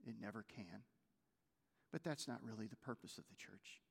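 A man preaching a sermon as pastor, moving between loud urgent stretches and hushed, almost whispered lines. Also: lowish voice, expressive, moderate pace, creaky, slightly rough, in a large hall.

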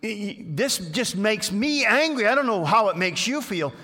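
A man's voice: a little high, normal speed, pitched above the performer's own voice. A man doing whiny fawning royal courtiers. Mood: indignant. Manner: whiny, tattling, flattering. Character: fawning indignant royal advisors, men. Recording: reverberant church hall.

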